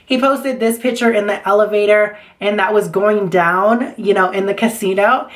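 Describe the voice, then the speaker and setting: A woman's voice: mid-range voice, normal speed. A young woman vlogger telling a story in a casual, chatty way, swearing freely and acting out the dialogue as she goes.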